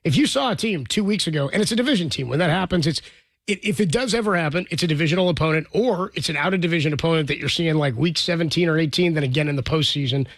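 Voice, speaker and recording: A man's voice: fairly high pitch, fast, fairly bright tone, dry recording, clean studio sound. A man hosting a sports talk show, chatting casually and joking with his co-hosts. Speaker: show host.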